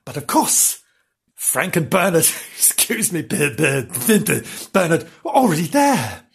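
A woman telling a mock children's bedtime story, wandering off into rambling, giggly asides. Her voice is husky and breathy. Her pitch swoops high and low. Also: very animated, unhurried.

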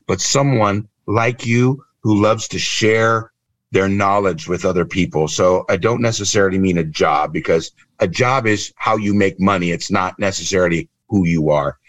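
Lively fifty-something man from California. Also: on the low side, no echo. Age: 50s. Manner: animated storytelling with acted-out quotes. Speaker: guest, improv trainer and speaker. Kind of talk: emotional interview talk. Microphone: video call.

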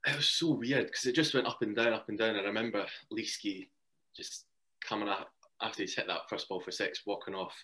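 A young man with a very deep voice chats as a podcast guest, recounting stories in an easy, rambling way. He laughs often as he talks. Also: steady tone, fairly quick, bright, forceful tone. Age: young adult. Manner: chatty, laughs while telling anecdotes. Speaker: guest, cricket player. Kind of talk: casual interview storytelling.

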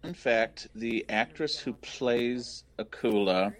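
A man speaking as a guest filmmaker on a podcast, relaxed and explaining behind-the-scenes details in casual film commentary. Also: medium pitch, slow pace.

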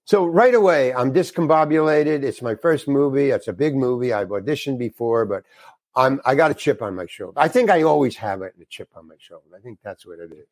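Animated older man spinning an anecdote. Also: mid-range voice, fairly quick, no room sound. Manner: animated, acts out dialogue, frank, swears. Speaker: guest actor. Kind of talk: anecdotal storytelling.

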